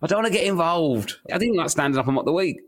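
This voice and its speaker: A man's voice: fairly high pitch, animated, rapid-fire. A man co-hosting a podcast in casual comedic chat, jokey and teasing. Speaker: podcast co-host.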